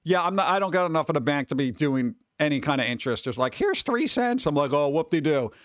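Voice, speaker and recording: A man's voice: a little high, lively intonation, quick pace, a bit bright, no room sound. A man in his forties, hosting a stream in casual chat, ranting and swearing lightly about everyday annoyances. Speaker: streamer host.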